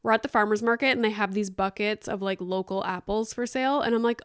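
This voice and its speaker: A woman in her thirties talks through her week on her own podcast, chatty and exasperated, full of fillers. Her voice is smooth and clean, recorded close and dry with no room sound. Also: mid-range voice, steady tone, quick pace, few pauses, no room sound. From Canada. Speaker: podcast host. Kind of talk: casual solo podcast chat.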